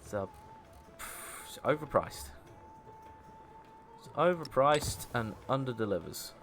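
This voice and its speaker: Animated man chatting on stream. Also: mid-range voice, slow pace, faint music behind. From English Midlands. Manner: chatty, laughs often, reads and answers chat aloud. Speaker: livestream host. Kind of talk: casual gaming livestream chat.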